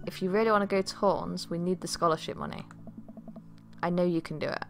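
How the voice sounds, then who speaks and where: A woman's voice: lowish voice, fairly even intonation, a little fast, vocal fry, slight background noise. A woman voicing a teasing, sentimental single father in a dating game. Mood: fatherly. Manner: warm, teasing, easily moved. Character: doting, sentimental single dad.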